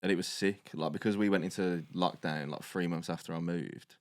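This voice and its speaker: A young man, co-hosting a podcast, telling a story casually and animatedly, swearing and loudly acting out quotes. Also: deep voice, fairly even intonation, fairly quick, no echo. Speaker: podcast co-host.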